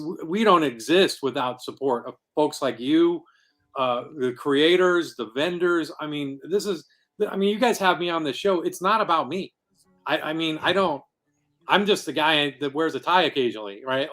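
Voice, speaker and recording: During a casual podcast interview, a man with a fairly high, slightly bright voice talks about how he founded a comic convention. His telling is earnest and rambling.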